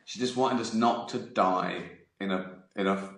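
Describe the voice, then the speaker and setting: Deep-voiced yet fairly bright in tone, a man in his fifties takes his time telling rambling anecdotes on a live stream he hosts, laughing a lot and swearing freely in casual storytelling chat. The recording has a roomy echo.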